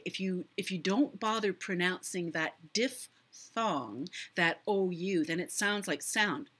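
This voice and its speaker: Middle-aged lady slowly explaining voice tips, hesitant, bright tone. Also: lowish voice. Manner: measured, hesitant with fillers, demonstrates voice techniques. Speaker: host. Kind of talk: live stream tips.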